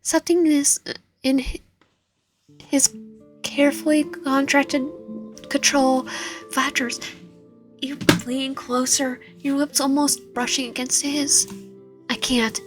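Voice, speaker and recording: A woman's voice: high-pitched, level tone, slow pace, long pauses, music in the background. A woman reading a romance visual novel aloud, with frequent slips and self-corrections. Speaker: gaming channel host.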